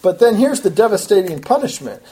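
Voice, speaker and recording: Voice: big pitch swings, brisk, warm tone. Earnest preacher teaching verse by verse. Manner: earnest, emphatic, rises in pitch and volume when stressing a point; talks in repeating, back-and-forth phrases with small restarts. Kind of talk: expository Bible teaching.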